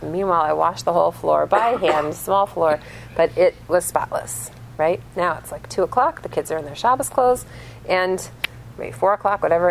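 A woman teaching a lively lesson, telling stories and asking her class questions. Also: on the low side, slight background noise, poor audio. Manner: animated storyteller, asks the class questions. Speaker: religious teacher.

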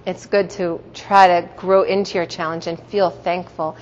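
A middle-aged woman giving a religious teaching talk to a group, telling stories warmly and laughing often. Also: fairly low pitch, level tone, a little slow. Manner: warm, storytelling, laughs often. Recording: dull sound in a reverberant hall.

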